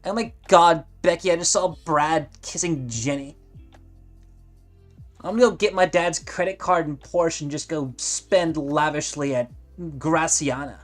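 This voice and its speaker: A man voicing a ditzy, spoiled young valley girl with a drawn-out, gushing delivery. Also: fairly high pitch, faint music behind, voice pushed up, close to an everyday voice.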